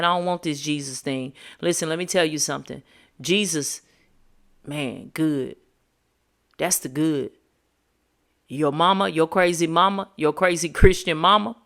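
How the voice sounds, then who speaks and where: A woman's voice: low-pitched, fairly bright tone. A woman hosting a podcast, giving a motivational monologue in a preachy, emphatic, slangy way. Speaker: podcast host.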